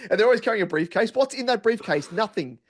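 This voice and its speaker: A playful man co-hosting a fantasy football podcast. His voice sits a little higher than most men's. He keeps the chat loose, spinning running jokes between his player picks. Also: expressive, fast. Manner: playful and jokey, spins running gags and mock voices. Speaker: podcast co-host.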